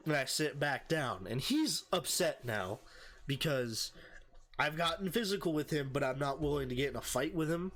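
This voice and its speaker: A young man hosting a podcast, telling a rowdy story in casual chat, heavy on swearing and loud acted-out quotes. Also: medium pitch, moderate pace. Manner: profane, animated, shouts in quoted voices.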